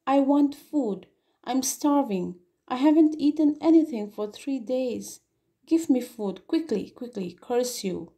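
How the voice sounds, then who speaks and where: A woman reading a hoarse starving convict. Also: a little high, steady tone, slow pace. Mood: angry. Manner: gruff, angry commands.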